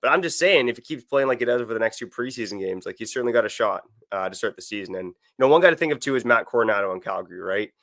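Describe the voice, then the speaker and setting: Male podcast co-host, relaxed and hedging, mid-pitched voice. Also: rapid-fire, hardly any pauses, no echo, studio quality. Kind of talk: casual sports podcast chat.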